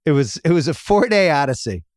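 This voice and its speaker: A man's voice: a little high, sing-song, brisk, a little mellow, no echo, studio quality. A middle-aged man hosting a podcast, telling a rambling family story in casual chat and laughing at his own jokes. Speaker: podcast host.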